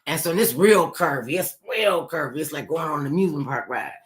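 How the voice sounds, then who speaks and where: Woman host, lively storyteller, does the family voices as she goes. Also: sits low, a little fast. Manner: animated storyteller, acts out quoted voices. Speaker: radio host. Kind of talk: storytelling on a talk show.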